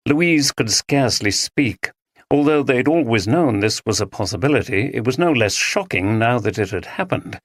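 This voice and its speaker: Expressive dry audiobook narrator. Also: mid-range voice, no echo. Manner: even, measured reading.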